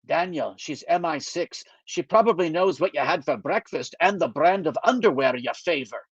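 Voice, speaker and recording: A gruff Scottish émigré man, dry and teasing, grumbling at his young companion, as an author voices him in a reading. His voice sits a little high and bright for a man. The sound is dull and dry, as if recorded close on a modest mic. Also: animated, normal speed, no echo. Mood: wry.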